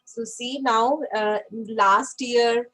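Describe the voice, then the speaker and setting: Woman, patient online language teacher, slightly high pitch. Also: fairly even intonation, extremely slow, fairly bright tone, low-quality recording. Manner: patient, checks in with frequent okays. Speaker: French teacher.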